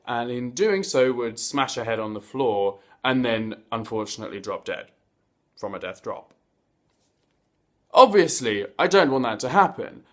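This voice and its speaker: A man's voice: mid-range voice, fairly bright tone. A man hosting a casual review vlog. He talks in a chatty, playful way with campy slang and asides, and he stumbles over words now and then. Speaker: host of a reality TV review vlog.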